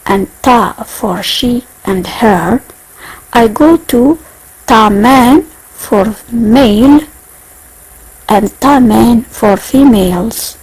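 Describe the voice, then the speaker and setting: A woman teaching a beginner language lesson, speaking slowly and carefully and repeating each point. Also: on the high side, darkish tone, husky, rough recording. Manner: slow, repetitive, careful enunciation.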